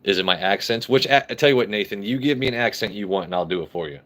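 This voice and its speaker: A man's voice: fairly low pitch, quick pace, a bit bright. A man hosting a casual live stream, reading comments aloud, joking brashly and swearing freely. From United States. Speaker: livestream host.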